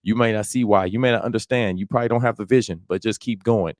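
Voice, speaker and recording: Man in his 40s, low-ish dry voice, chatty livestream Bible teacher who keeps checking in with his listeners. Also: steady tone, fast talker, darkish tone, no room sound. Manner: conversational, colloquial, checks in with listeners often. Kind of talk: informal verse-by-verse Bible teaching.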